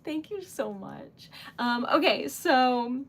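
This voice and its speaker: A young woman running a crafting livestream talks casually while making wax seal stickers, giggling, being self-deprecating, and gushing with excitement at her work. Her voice sits high and moves at a slow pace.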